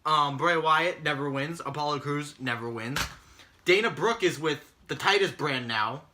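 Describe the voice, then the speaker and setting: Bright-voiced man ranting. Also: on the high side, normal speed, a little hiss or hum. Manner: exasperated, mocking, swears often. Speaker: podcast co-host recapping wrestling. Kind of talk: casual profane rant.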